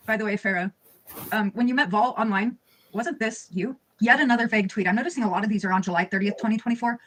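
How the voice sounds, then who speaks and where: A woman narrating commentary from a played clip, reading out social media posts. She is blunt and sarcastic, with plenty of swearing, at a mid-range pitch. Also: fast talker, a bit bright. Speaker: video narrator.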